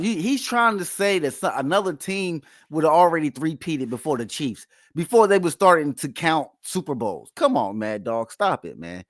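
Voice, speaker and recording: Man host, higher pitch, dry close sound, emphatic mocking sports reactions. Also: big pitch swings, normal speed, few pauses, no room sound. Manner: emphatic, playfully mocking, repeats himself. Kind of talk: casual sports reaction commentary.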